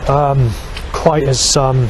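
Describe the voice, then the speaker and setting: A man's voice: mid-range voice, steady tone, slow pace. A man delivers a rambling vlog monologue in his ordinary mid-range voice. He swears constantly, trails off into fillers and restarts his sentences. Faint background noise sits under his speech.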